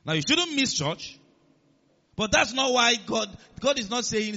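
A man's voice: very high voice, very animated, measured pace, sharp tone, lo-fi sound. A man preaching a sermon, emphatic, quoting scripture and calling on the congregation to follow along. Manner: emphatic, calls on the congregation to respond.

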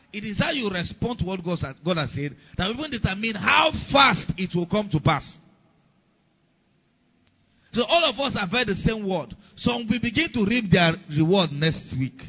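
Middle-aged male preacher, emphatic and repetitive, muffled lo-fi sound. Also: high-pitched. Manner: emphatic, repeats key lines, questions the congregation. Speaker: pastor. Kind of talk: sermon.

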